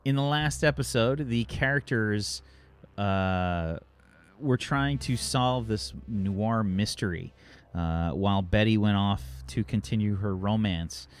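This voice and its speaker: A man acting as game master, recapping the story with many pauses and fillers. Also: on the low side, smooth. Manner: halting recap, many ums and uhs. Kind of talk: narrating a tabletop game.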